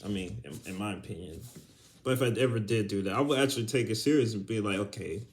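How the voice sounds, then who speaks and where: Talking quickly in a lowish voice, this young adult podcast host goes on a casual, heated rant packed with swearing, often bursting out laughing.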